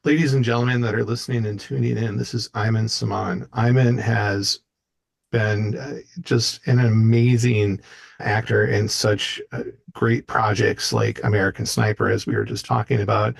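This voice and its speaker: A man's voice: on the low side, level tone, normal speed, vocal fry. A man co-hosting an interview podcast who introduces the guest with enthusiastic praise. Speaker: podcast co-host. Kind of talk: casual interview chat.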